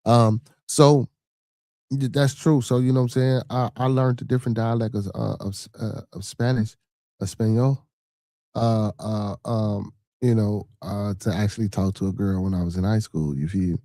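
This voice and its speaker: Male podcast host, low dark voice, dry close sound, loose profane livestream commentary. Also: steady tone, normal speed, no echo. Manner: profane, repeats 'you know what I'm saying'; reads viewer comments and news aloud.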